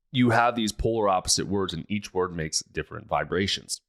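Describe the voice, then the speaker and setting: A man's voice: low-pitched, a little fast, hardly any pauses, a bit bright. A man hosting his own show, talking casually and energetically about mindset, with plenty of asides and fillers. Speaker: podcast host. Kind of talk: casual motivational talk.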